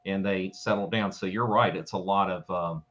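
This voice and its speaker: A Southern US man from northeast Florida talks in a low, easygoing voice, rambling through his stories and restarting his sentences. His call sounds muffled and lo-fi, with the top end dulled. The style is casual chat. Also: steady tone, normal speed, a crowd in the background. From Jacksonville, Florida, USA. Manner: chatty, storytelling, many restarts.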